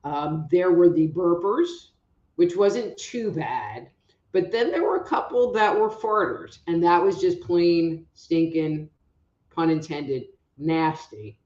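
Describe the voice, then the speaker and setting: A rambling, chatty woman hosts a live online show with a fairly low voice. The sound is a bit roomy and dull, like a home stream. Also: lively intonation, slow pace, a little mellow. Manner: chatty and rambling, calls out audience members by name. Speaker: psychic reader hosting a live online show. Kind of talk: casual live-stream chat.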